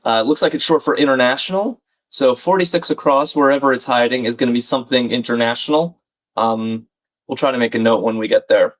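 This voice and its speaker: A brisk, medium-pitched man runs a live crossword-solving stream. Between casual chatter and thinking aloud, he reads viewer comments on air.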